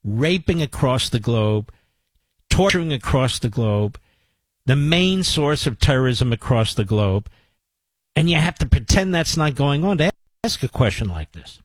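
A man's voice: mid-range voice, very animated, unhurried, husky, dry recording, poor audio. A man hosting a talk radio show, speaking emphatically and piling up repeated phrases for force. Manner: emphatic, forceful, building in repetition. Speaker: radio host.

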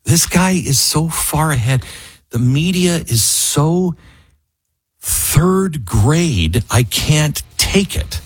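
Male talk radio host, husky, emphatic, pitch all over the place, dry booth sound. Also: drawn-out words, dry recording. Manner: emphatic, animated, acts out quotes in mocking voices. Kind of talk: opinionated political talk radio.

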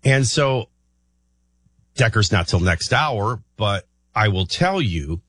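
A male talk radio host with a husky voice that swings up and down a lot. He rambles and thinks out loud, often restarting his sentences. The studio sound is dry and close. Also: on the low side, lively intonation, slow pace, no room sound. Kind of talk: morning talk radio commentary.

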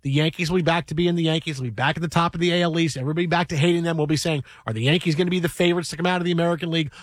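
A man hosting a sports radio show, talking fast in excited bursts and repeating his words, recorded in a studio. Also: on the high side, no echo. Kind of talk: sports radio talk and storytelling.

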